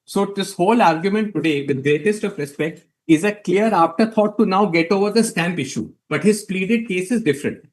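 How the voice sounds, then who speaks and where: A man's voice: sits high, fairly quick, few pauses. A man arguing a case before a court, formal and deferential, setting out numbered points and addressing the bench as my lord.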